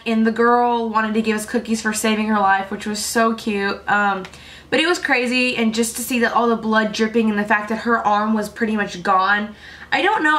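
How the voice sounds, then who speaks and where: A woman's voice: on the high side, fairly bright tone. A young woman in her late teens telling stories to camera in a chatty, filler-heavy way, filming at home at night. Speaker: vlogger. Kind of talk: casual storytelling to camera.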